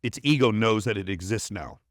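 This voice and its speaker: A man's voice: fairly low pitch, a little fast, no room sound, clean studio sound. Blunt, profane man on a podcast. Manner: blunt, profane, emphatic storytelling. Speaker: podcast guest. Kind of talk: casual interview conversation.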